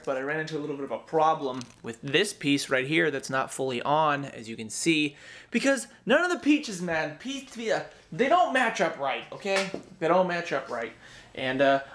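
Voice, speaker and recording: A young man vlogs his day at home on a handheld camera, chatting in a rambling, self-mocking way. His voice is slightly high and fairly bright.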